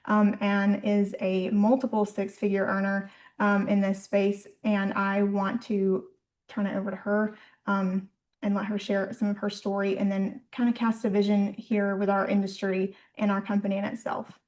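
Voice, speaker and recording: A woman hosting a business info call, sharing her experience in a halting way with many ums. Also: medium pitch, completely flat delivery, a little mellow.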